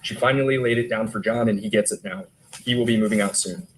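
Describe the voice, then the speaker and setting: A man's voice: lowish voice, fast talker, a little hiss or hum, poor audio. A male detective testifying in court, steadily reading text messages aloud. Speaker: detective witness.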